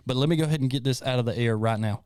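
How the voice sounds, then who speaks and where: A cheerful man hosts a casual church youth podcast with a smooth, clear voice. He jokes around with his co-hosts and laughs often. The sound is dry and close. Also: mid-range voice, racing, darkish tone, dry recording. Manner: upbeat, joking, laughs often. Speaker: host.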